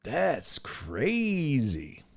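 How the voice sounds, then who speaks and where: A man's voice: medium pitch, huge pitch swings, extremely slow, vocal fry, husky. A man hosting a sports talk show, chatting casually and thinking aloud as he reacts to the news.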